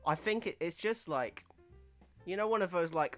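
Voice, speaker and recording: A man's voice: high voice, normal speed, faint music behind. Enthusiastic man on a podcast. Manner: animated, enthusiastic, rambling. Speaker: podcast co-host. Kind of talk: casual chat.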